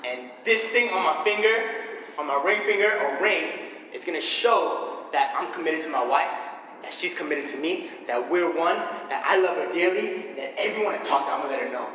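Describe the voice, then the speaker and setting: A young man preaching a sermon full of personal stories, energetic and animated, laughing often. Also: high voice, a little fast, a little hiss or hum. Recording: echoey hall with faint ambience.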